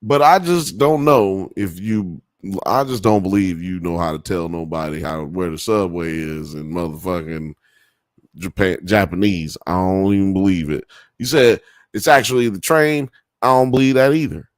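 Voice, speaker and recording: A man's voice: sits low, normal speed, no echo, studio quality. A man hosting a live podcast, reading chat comments aloud in a rambling, profane way and laughing often. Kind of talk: casual live-stream chat.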